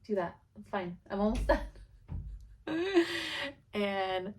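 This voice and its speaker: A woman's voice: medium pitch, sing-song, takes it slowly, darkish tone, slight background noise. A woman in her thirties chatting casually to her viewers as a cross-stitch vlogger, laughing often as she tells stories. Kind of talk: casual chat.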